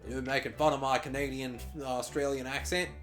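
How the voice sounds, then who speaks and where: A man's voice: medium pitch, little pitch movement, a little fast, fairly bright tone, soft background music. Wry man joking through a game. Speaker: let's play host. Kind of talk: casual gaming commentary.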